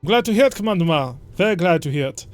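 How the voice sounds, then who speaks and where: A man's voice: high voice, lively intonation, fast talker, clean tone, dry recording, faint music behind. A man voicing a scheming, smug aristocratic count in a put-on German accent, haughty and theatrical. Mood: scheming, gloating.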